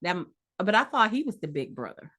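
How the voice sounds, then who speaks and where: A woman co-hosting a podcast in casual chat, animated and joking, laughing often. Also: medium pitch, a little fast, crowd noise. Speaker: podcast co-host.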